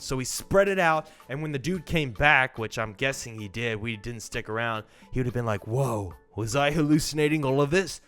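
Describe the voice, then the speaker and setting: A young man telling a childhood story to camera in a casual, animated way. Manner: animated, acts out quoted voices with big pitch jumps. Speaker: vlogger.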